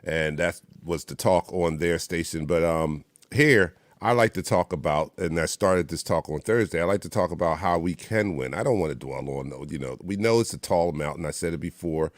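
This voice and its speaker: Male host, low voice, casual rambling sports banter, dry close sound. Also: moderate pace, few pauses, dry recording. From Philadelphia area. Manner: upbeat, rambling, hesitant restarts. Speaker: podcast host. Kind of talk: casual sports talk show.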